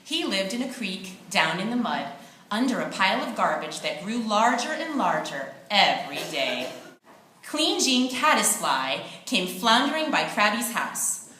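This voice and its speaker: A woman narrating a children's play with lively, expressive storytelling. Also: medium pitch, measured pace. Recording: echoey room, distant mic, faint noise.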